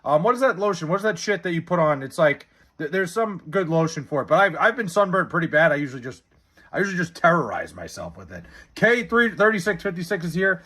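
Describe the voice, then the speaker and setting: A young Long Island man hosts a livestream, reading viewers' chat and rambling through their comments in a jokey, casual way, swearing freely as he goes. His voice is a little high, sing-song and fast, with a bright, forceful tone.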